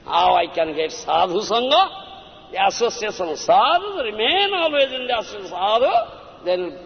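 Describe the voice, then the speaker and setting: A man delivers a devotional sermon, urging his listeners and pausing to ask if they understand. His voice is high and gravelly, swinging widely in pitch. The old lo-fi recording carries a long hall echo. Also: sing-song. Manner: exhorting, keeps checking listeners with "Huh? Understand?". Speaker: spiritual teacher.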